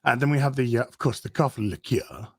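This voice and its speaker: Gravelly, playful man on a call. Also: medium pitch, quick pace, no room sound. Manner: jokey, playful posh put-on asides. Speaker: podcast panelist. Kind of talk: casual chat.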